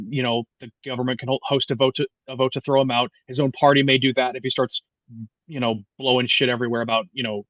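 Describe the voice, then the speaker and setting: A man in his twenties, a podcast guest talking politics in a casual, profane, animated way with many restarts. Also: medium pitch, dry recording, lo-fi sound. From United States. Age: 20s.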